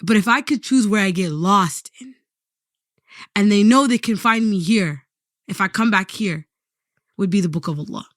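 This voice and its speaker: A woman's voice: mid-range voice, normal speed, long pauses, no echo, clean studio sound. A woman hosting a podcast, reading reflective narration and responding to her guest with affirming, emotional remarks. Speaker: podcast host. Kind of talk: interview plus scripted narration.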